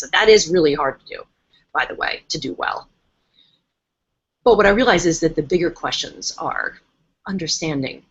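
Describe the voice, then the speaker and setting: A woman hosting a casual live stream and coaching her viewers in a chatty, emphatic way. She often slips into her clients' voices. Her voice sits at a middling pitch, and the stream audio is a little dull and lo-fi. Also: a bit bright, husky. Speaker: host and coach.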